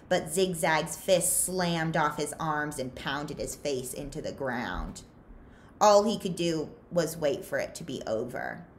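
Slow, lively woman reading a novel aloud. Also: deep voice. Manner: expressive, unhurried storytelling. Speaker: library read-aloud host.

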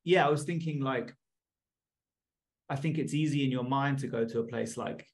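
A man's voice: mid-range voice, steady tone, moderate pace. A man interviewing a therapist, asking thoughtful, reflective questions. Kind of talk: interview conversation.

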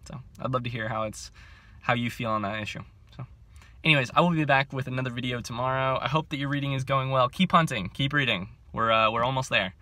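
A young man in his twenties chatting to camera about books, excitable and self-mocking, with frequent laughs, filming on a handheld phone. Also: mid-range voice, quick pace, no echo. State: overcaffeinated. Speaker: book vlogger. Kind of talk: casual chat to camera.

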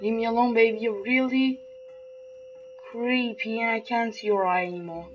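A woman's voice: a little high, fairly even intonation, normal speed, dull audio, faint music behind. A woman giving let's-play commentary on a horror game, jumpy and swearing, taunting the game's characters. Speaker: gamer playing a horror game.

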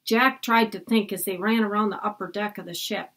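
A woman's voice: fairly even intonation, brisk, few pauses, a bit bright. A woman reading a children's chapter book aloud, lifting her voice for the children's lines and dropping it for the narration. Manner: lifts her pitch for the children's lines and drops low for the narration. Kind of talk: read-aloud storytelling.

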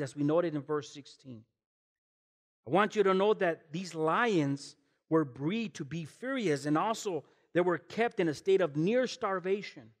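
A man preaching an animated sermon as guest pastor, telling stories and talking directly to the congregation. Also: on the high side, in a large hall. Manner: storytelling, acts out voices, addresses the congregation. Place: church.

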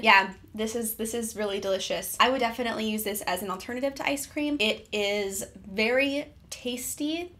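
A woman's voice: on the high side, fairly bright tone. Upbeat young woman reviewing snacks. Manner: upbeat, chatty, slangy. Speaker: fitness vlogger reviewing food. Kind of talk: casual product review.

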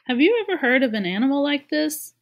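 A woman's voice: high-pitched, very animated, brisk, pitched above the performer's own voice. A woman voicing Jared, a nervous, curious young boy, in a storybook reading. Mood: wondering.

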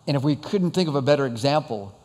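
A man's voice: mid-range voice, expressive, fast, darkish tone, long reverb tail. A man preaching a conversational sermon to his congregation, asking rhetorical questions. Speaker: pastor.

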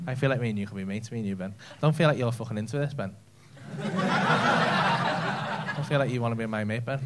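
A man's voice: medium pitch, big pitch swings, brisk, heavy background noise. A man with a Scouse accent doing stand-up crowd work on a comedy club stage, bantering cheekily with the audience and swearing freely. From Liverpool, England.

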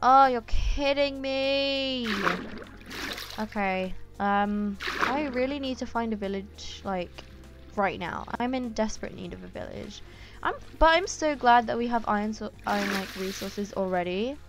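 A woman giving casual gameplay commentary, chatty and excitable, with lots of ums and quick exclamations. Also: mid-range voice, over music. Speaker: gaming YouTuber.

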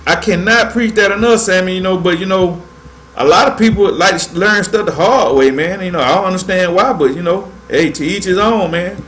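A man's voice: high voice, a little fast, a bit bright, roomy sound, a little hiss or hum, low-quality recording. A man hosting a fishing livestream, talking in a laid-back, drawling way and dropping "man" into nearly every sentence. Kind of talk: casual livestream tutorial.

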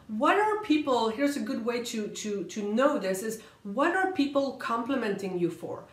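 A woman with a fairly high voice gives motivational career advice in a vlog. She talks in quick, emphatic bursts, repeats words for emphasis and slows down on key points. The recording carries a noticeable room echo. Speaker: career coach and vlogger. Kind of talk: motivational vlog talk to camera.

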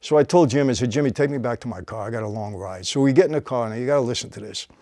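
Speaking rapid-fire, this male host shares a tense episode from his own life in an easygoing, vivid manner, his middle-range voice often sinking to a hushed low register at the suspenseful moments. The studio recording is dry and close-miked.

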